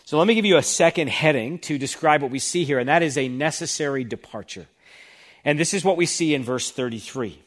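A man's voice: fairly high pitch, animated, fairly quick. A man preaching an expository sermon, reading scripture aloud with emphasis and explaining it to the congregation. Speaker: pastor.

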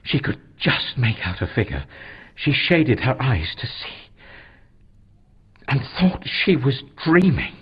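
A man's voice: medium pitch, sing-song, slow pace, pauses often, breathy edge. A man narrating a children's Bible storybook in a dramatic, swooping storytelling manner. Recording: dull lo-fi recording.

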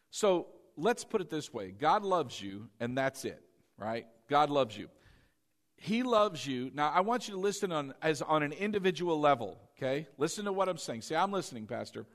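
A middle-aged male pastor delivering a sermon in a fairly high voice. He preaches in an animated way, firing rhetorical questions at the congregation and slipping into quoted lines. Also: normal speed.

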